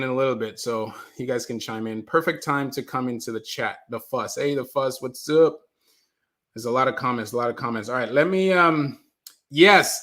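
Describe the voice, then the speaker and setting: A man hosting a casual livestream, talking loosely, repeating himself and reading out viewer comments. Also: fairly high pitch. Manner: animated, repeats himself, reads chat aloud. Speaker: livestream host.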